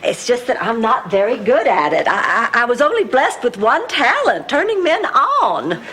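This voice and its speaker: A woman playing a vain, flirtatious sitcom character who talks in a breathy, theatrical way. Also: fairly high pitch, sing-song, moderate pace, fairly bright tone. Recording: hissy TV sitcom clip.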